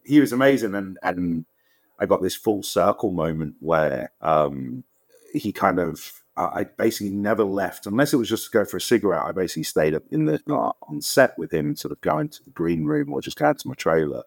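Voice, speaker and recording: A deep-voiced man with a London accent tells anecdotes on an interview podcast. He speaks casually and animatedly, slipping into quoted voices. The sound is dry and close. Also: fairly quick, gravelly, no room sound. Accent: London English. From England. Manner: animated storyteller, acts out quotes with jumps in pitch. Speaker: guest actor.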